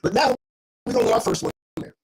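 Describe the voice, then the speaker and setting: A man's voice: high voice, wildly swooping pitch, fast, vocal fry, darkish tone, full character voice. A man putting on the voice of a sneering bigoted old man, gloating and mocking.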